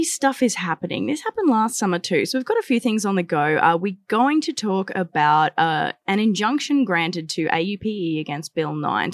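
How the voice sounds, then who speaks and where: A woman hosts a relaxed politics podcast from a newspaper studio, bantering playfully with her colleagues. Her voice sits at a middle pitch and sounds close and dry, with no room around it. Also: dry recording. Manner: playful, chatty, quick to laugh. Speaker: podcast host and provincial affairs reporter. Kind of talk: casual studio podcast chat.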